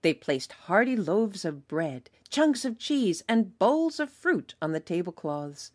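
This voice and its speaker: A young woman preschool teacher reading a picture book aloud in an animated storytelling voice. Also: mid-range voice, takes it slowly, no echo, studio quality.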